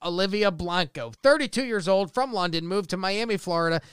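High-voiced, clear-toned man hosting a comedy podcast. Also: animated, a little fast, a bit bright, no echo, studio quality. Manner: reads out news stories, laughs often. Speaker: podcast host. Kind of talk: casual comedy chat.

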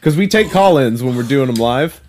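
A man's voice: medium pitch, expressive, normal speed, darkish tone, a little hiss or hum. Easygoing male podcast co-host. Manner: easygoing, encouraging banter. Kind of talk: casual podcast chat.

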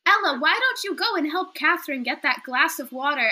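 Bright high-voiced woman player. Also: lively intonation, a little fast. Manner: casual, blunt. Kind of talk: casual play.

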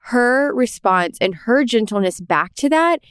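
A woman's voice: on the high side, animated, unhurried, a bit bright, smooth, no room sound, studio quality. A young woman co-hosting a casual faith podcast, telling reflective personal stories. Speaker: podcast co-host.

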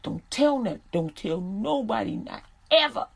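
A woman's voice: mid-range voice, animated, moderate pace, vocal fry, slightly rough. A woman voicing an easygoing father who talks in street slang and speaks conspiratorially to his son.

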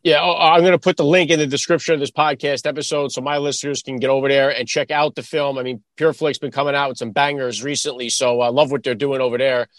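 A man with a Northeastern American accent hosting a podcast, asking eager questions with quick restarts. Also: mid-range voice, fairly even intonation, fairly bright tone, no room sound, clean studio sound. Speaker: podcast host. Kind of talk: interview, casual talk.

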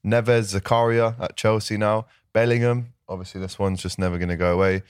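A man with a lowish voice hosts a casual football podcast, chatting and laughing easily. The sound is dry and close, with no room around it. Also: level tone, fairly quick, clear, resonant tone, dry recording. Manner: chatty, laughs often, reads out lists. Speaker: podcast host.

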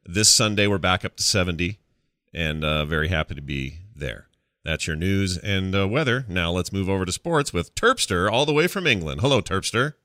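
A man's voice: low voice, animated, normal speed, sharp tone, no echo, studio quality. A man hosting a casual gaming podcast, easygoing and joking, with plenty of fillers. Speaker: podcast host.

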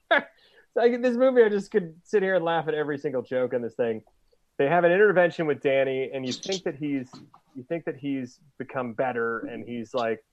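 A man's voice: on the high side, a little fast, dull audio. A man hosting a casual podcast chat, retelling movie scenes with frequent laughter and plenty of swearing. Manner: laughs often, swears freely, animated retelling. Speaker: podcast host.

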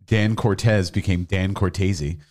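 A man's voice: deep voice, steady tone, unhurried, a little mellow. A man co-hosting a casual talk show, making dry wisecracks. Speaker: co-host. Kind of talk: casual chat.

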